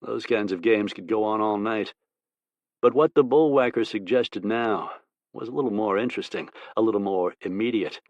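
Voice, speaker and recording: A man narrating an audiobook in a steady, measured way. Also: fairly low pitch, no echo, highs cut off.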